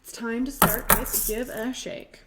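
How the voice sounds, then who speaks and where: A children's librarian hosting storytime, reading aloud in a bright, animated way. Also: female voice, fairly high pitch, unhurried, very noisy. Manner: bright, animated, plays up the characters.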